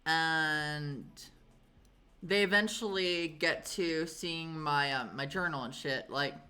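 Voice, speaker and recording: A woman's voice: low voice, slow pace, pushed and bright. A woman streamer telling a story in a casual, chatty way, swearing often and filling with "like" and "um".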